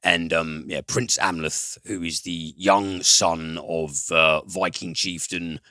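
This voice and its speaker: A man's voice: sits low, fairly even intonation, takes it slowly, bright, forceful tone, dry recording, studio quality. A man hosting a film podcast, reviewing films in a loose, rambling way, swearing casually and using lots of fillers.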